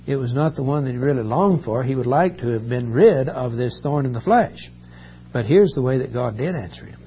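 A man preaching a sermon, reading Bible verses and explaining them earnestly, often drawing out key words slowly. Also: medium pitch, lively intonation, mellow. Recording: dull recording with faint hum.

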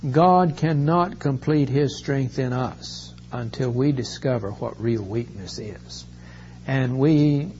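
A male preacher with a mellow, warm voice gives a sermon, reading scripture and explaining it in an earnest, unhurried way, stretching out the words he wants to stress. The recording is dull and lo-fi, with a faint hum underneath. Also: medium pitch. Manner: slow, earnest Bible exposition, stretching key words.

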